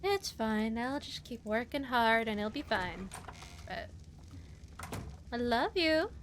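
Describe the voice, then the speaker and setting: A woman streamer chatting gently and casually with her partner while gaming. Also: fairly high pitch, expressive, takes it slowly, slight background noise. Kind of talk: casual chat during a game stream.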